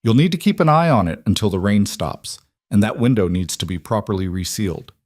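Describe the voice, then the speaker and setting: Calm, practical single father, voiced by a male narrator; low, reassuring, dry close recording. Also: a little fast, no room sound.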